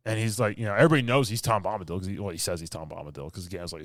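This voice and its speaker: A man's voice: fairly low pitch, big pitch swings, fast talker, no room sound. A man co-hosting a podcast, ranting in casual chat with mocking mimicry and blunt complaints. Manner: ranting, exasperated, mocking quotes. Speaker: podcast co-host.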